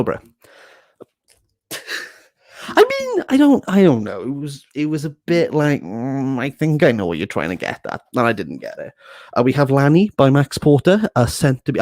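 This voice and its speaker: Rambling, jokey young man, lively pitch. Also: dry recording. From Wales. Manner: joking, rambling, self-mocking with laughs. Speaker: book vlogger. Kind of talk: casual bookshelf tour chat. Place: small box room at home.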